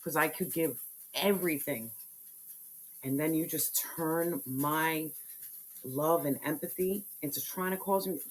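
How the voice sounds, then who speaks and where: A woman's voice: deep voice, a little slow, a little hiss or hum, low-quality recording. A woman giving a spiritual tarot reading, talking bluntly and passionately with lots of slang and swearing. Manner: blunt, slangy and profane, fiery preaching tone. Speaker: tarot reader.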